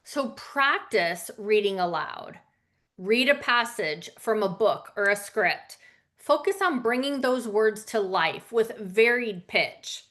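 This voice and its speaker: A woman's voice: medium pitch, animated, takes it slowly, fairly bright tone. A woman teaching a casual lesson on public speaking, conversational with fillers and asides.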